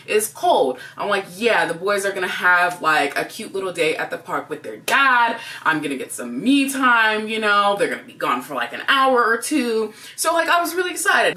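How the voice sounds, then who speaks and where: A young woman co-hosting a couple's channel, telling a story in a casual, animated way, full of "like" and acted-out quotes. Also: medium pitch, slight background noise. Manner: animated, heavy use of "like", acts out quotes. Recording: voice a bit distant from mic.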